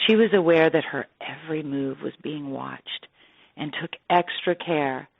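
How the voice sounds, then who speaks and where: A woman's voice: sits low, no room sound. Woman narrating an essay, phone-thin. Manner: measured, expressive reading. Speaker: actress reading an essay. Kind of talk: scripted narration. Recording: tinny phone-like dry sound.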